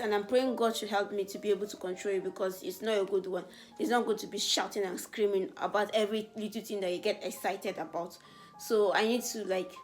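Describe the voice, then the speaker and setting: A young woman from Africa chatting casually and earnestly in a get-to-know-me Q&A, her voice rising when she gets excited. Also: medium pitch. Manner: animated, voice rises when excited. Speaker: beauty vlogger.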